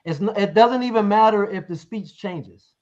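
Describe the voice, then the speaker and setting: A man's voice: sits high, moderate pace, a little mellow, dull audio. A man debating over a live stream, pressing his point with leading questions and reading verses aloud.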